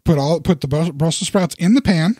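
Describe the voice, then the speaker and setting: A man in his thirties, co-hosting a podcast in casual chat, rambling and animated with self-deprecating humor. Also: fairly high pitch, brisk, slightly rough, no echo, clean studio sound. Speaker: podcast co-host.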